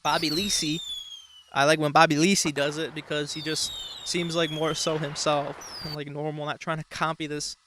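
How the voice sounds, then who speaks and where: A man's voice: a little high, level tone, moderate pace, background noise. A man hosting a show, talking in a rambling, mock-serious casual way with frequent swearing. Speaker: show host. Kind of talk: casual comedic commentary.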